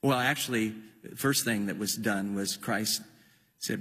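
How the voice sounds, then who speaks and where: Male preacher, husky voice with a lot of rasp, lively and rising pitch, sermon in an echoing hall with long reverb. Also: unhurried. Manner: impassioned, emphatic preaching with repeated words.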